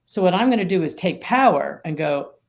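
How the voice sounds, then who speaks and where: A woman's voice: on the low side, lively intonation, brisk, vocal fry. A middle-aged woman, an attorney mediator and author, explaining her ideas emphatically with vivid everyday examples in an interview. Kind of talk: interview conversation.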